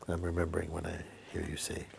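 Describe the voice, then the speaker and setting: A man giving a soft-spoken spiritual talk, telling a personal story and often sinking to a hush. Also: low voice, completely flat delivery, quick pace, vocal fry, slight background noise. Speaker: spiritual teacher.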